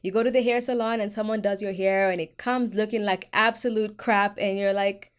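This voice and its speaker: A woman talks straight to her viewers in a hair care vlog. Her voice sits at an ordinary pitch, and she speaks frankly and with emphasis as she hands out advice. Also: steady tone, brisk, smooth. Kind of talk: direct-to-camera advice vlog.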